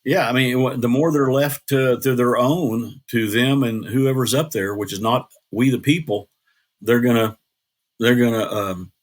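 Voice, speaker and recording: A man's voice: mid-range voice, fairly even intonation, a little slow. An older man speaking as an interview guest, telling stories in an earnest, plain-spoken way with restarts. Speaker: guest, former state legislator. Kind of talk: casual interview talk.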